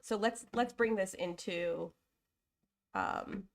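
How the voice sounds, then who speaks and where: A young woman hosts a live design stream while getting over a cold, and her voice carries a gravelly fry. She chats casually, thinks aloud with lots of fillers and restarts, and is openly apologetic and emotional. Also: medium pitch, slow pace, a little hiss or hum. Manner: chatty, thinking aloud with fillers and self-corrections.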